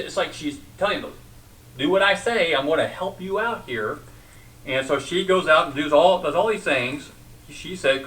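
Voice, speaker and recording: A man's voice: fairly high pitch, pushed and bright, distant mic, rough recording. A man teaching a sermon in a conversational way, asking the congregation questions and retelling scripture. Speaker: pastor.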